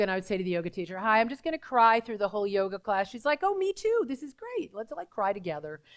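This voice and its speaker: A middle-aged woman pastor delivering a sermon, telling a personal story with emotion and soft, hushed passages. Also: medium pitch.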